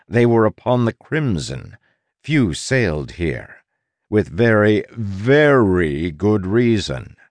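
A man narrating an audiobook in a wry manner, with dramatic pauses and stretched emphasis. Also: deep voice, creaky, dry recording. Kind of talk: scripted narration.

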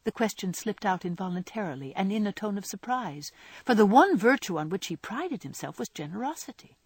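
A woman narrating a classic novel aloud in a measured, expressive reading. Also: medium pitch, slightly rough, no echo. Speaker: audiobook narrator. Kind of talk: storybook narration.

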